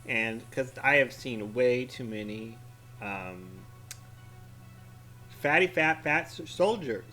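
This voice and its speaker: A vlogger with a mid-range, fairly bright voice eats chili while scrolling his feed, his eyes watering from the spice. He rambles, giggles, and lets sentences trail off in this casual commentary.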